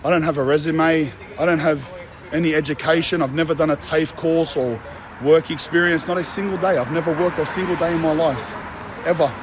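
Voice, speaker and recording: Brash young Australian man, slightly high. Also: steady tone, brisk, background noise. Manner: brash, boastful street slang. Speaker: social media personality. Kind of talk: casual walking vlog. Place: outdoors among apartment blocks.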